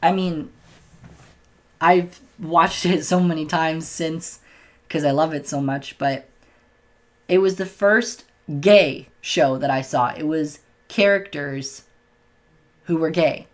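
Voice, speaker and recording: A man's voice: on the high side, slow, long pauses. A young man telling a personal story to the camera in a casual, candid way, self-conscious and sometimes stumbling over his words. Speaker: vlogger.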